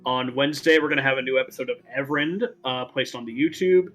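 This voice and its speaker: Bright-voiced rambling male host. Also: mid-range voice, fast talker, faint music behind, rough recording. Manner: rambling, full of "like" fillers. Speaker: talk show host. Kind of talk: casual chat.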